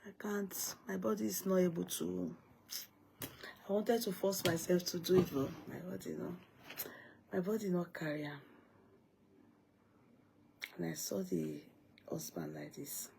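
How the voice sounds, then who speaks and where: A grieving woman with a Nigerian accent, talking to viewers on a late-night livestream in a halting, subdued way and often breaking off mid-sentence. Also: on the low side, creaky, dark tone, a little hiss or hum.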